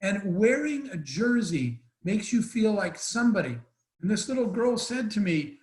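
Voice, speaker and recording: Man, high voice, heartfelt rambling story, video call, roomy echo. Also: sing-song, moderate pace. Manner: earnest, emotional, rambling with restarts. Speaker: guest speaker. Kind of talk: storytelling answer in an online Q&A.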